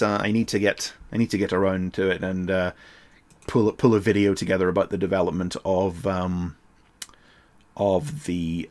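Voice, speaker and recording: A man with a Northern Irish accent hosting a casual livestream, talking hesitantly with many fillers and restarts. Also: sits low. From Northern Ireland. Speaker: livestream host.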